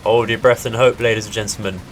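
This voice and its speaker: A man's voice: fairly low pitch, flat delivery, quick pace, soft background music. A man talks through a naval strategy game as its let's play host. His commentary is polite and upbeat, and he calls out each move as he makes it. He laughs off the setbacks with mild exasperation. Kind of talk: gameplay commentary.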